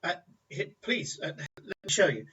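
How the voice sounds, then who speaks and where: A man's voice: fairly high pitch, very animated, normal speed, bright, forceful tone, husky, heavily acted. A man voicing an eager half-orc stall keeper. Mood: eager, polite. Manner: polite, salesy. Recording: distant, muffled recording.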